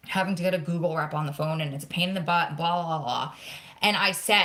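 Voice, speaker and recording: A woman in her thirties from New Jersey, hosting a casual live question-and-answer vlog, telling stories with lots of quoted back-and-forth and sounding close to tears. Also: fairly low pitch. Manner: chatty, animated storytelling with quoted dialogue. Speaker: vlog host.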